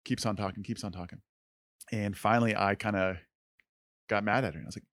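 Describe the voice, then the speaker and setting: Man, podcast co-host, earnest storytelling, lowish voice, dry close sound. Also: fairly even intonation, fairly quick, long pauses, no echo. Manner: earnest, conversational, many "like" fillers.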